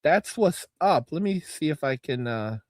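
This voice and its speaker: A man hosting a casual livestream, reading chat comments and reacting, cursing and repeating himself, with frequent throat clearing. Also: a little high, lively intonation, unhurried, no room sound, clean studio sound.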